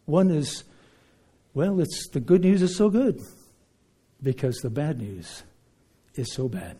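A man preaching a sermon, emphatic, swinging between loud declarations and hushed asides. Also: a little high, sing-song, slow, breathy edge.

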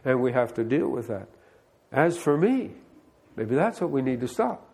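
A man's voice: mid-range voice, sing-song, normal speed, a little mellow. An older man, a pastor, giving a conversational sermon that mixes scripture reading with plainspoken remarks and direct questions to the listeners.

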